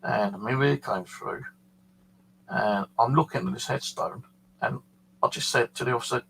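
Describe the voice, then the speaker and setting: A man's voice: medium pitch, moderate pace, gravelly, fairly bright tone, slight background noise, rough recording. A man with a British accent telling a paranormal story in a casual, rambling way, full of fillers. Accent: British English. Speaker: paranormal channel host.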